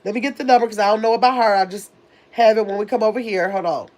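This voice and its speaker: A woman's voice: medium pitch, fast talker, darkish tone. Chatty woman host reading the live chat. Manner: chatty, distracted, talks to the chat as "y'all". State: recovering from illness. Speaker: livestream host.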